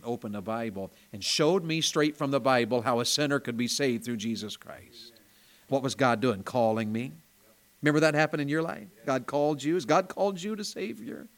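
A man with a Southern accent from Tennessee preaching a sermon in a small church. He tells a story in a folksy way, dropping to quiet asides and then climbing to loud, emphatic bursts. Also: mid-range voice. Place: small church during a service.

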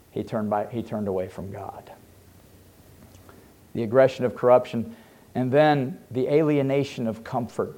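A male pastor preaching a sermon, dropping to hushed low asides and rising to loud fervent pleading.

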